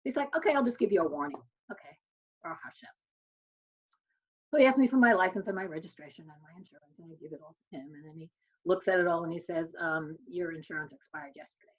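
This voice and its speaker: A woman's voice: fairly low pitch, fast talker, highs cut off. A woman in her sixties, a social worker giving a talk, telling a personal story and acting out the dialogue. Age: 60s. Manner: storytelling, acts out quoted exchanges.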